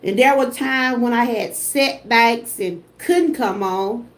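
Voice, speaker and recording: Slow-talking emotional Southern woman host. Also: fairly high pitch, a bit bright. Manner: emotional, effusive, Southern phrasing with y'all. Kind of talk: casual livestream chat.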